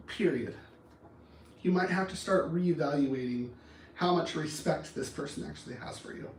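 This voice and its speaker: A man's voice: high-pitched, a little mellow, a little hiss or hum. A man coaching on anger management, talking earnestly and often restarting his words. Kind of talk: motivational talk. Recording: roomy echo, far from the mic.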